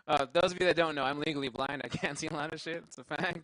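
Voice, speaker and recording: A man's voice: fairly high pitch, fairly even intonation, fairly quick, fairly bright tone, no echo, poor audio. Rambling young male stand-up comic. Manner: rambling, laughs at his own jokes, profane. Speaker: stand-up comedian. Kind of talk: stand-up comedy set. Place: live show venue.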